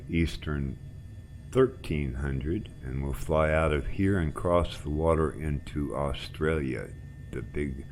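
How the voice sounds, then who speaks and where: A man hosting a flight sim group, chatting in a relaxed, rambling way while he flies. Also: a bass voice, slight background noise. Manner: relaxed, rambling, trailing off quietly. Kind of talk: casual chat while flying.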